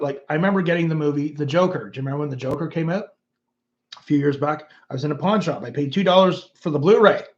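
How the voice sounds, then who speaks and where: A man's voice: fairly high pitch, dull audio. Chatty Canadian man on a livestream. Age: 50s. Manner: rambling, reads viewer comments aloud. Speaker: YouTube host. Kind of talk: casual livestream chat.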